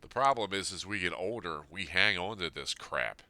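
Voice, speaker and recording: Man in his fifties, podcast host, very low voice, smooth and resonant; earnest, plain-spoken reflection. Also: expressive, moderate pace, sharp tone, no echo. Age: 50s. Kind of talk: reading a personal letter aloud, then reflective talk.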